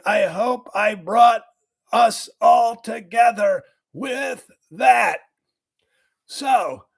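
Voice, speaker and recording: A man doing a comedic impression of a boastful, cranky older male health official, with a raspy, strained voice, rambling and bursting into shouts. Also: very high voice, full character voice.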